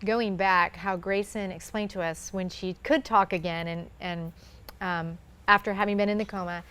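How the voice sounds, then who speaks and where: A woman's voice: medium pitch, fairly even intonation, normal speed, fairly bright tone, clean tone. A woman in her thirties, a guest in a conversation, telling a personal faith story earnestly and acting out what others said.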